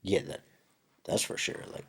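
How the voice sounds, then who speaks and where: A man co-hosting a podcast in casual chat, laid-back and reflective. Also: moderate pace. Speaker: podcast co-host.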